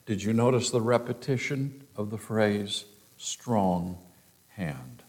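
A man's voice: lowish voice, animated, slow pace, darkish tone. A man teaching a Bible study sermon, reading scripture aloud with dramatic emphasis.

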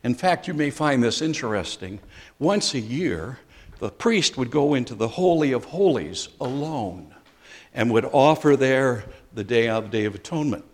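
An older man preaching a sermon as a pastor, conversational, with dry humor and pauses. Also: medium pitch, animated, a little mellow.

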